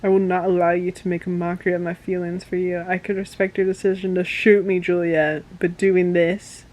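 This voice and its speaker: A woman's voice: mid-range voice, steady tone, fairly quick, a little mellow, close to an everyday voice. A woman reading aloud as an intense young man, hurt and pleading with the girl he loves.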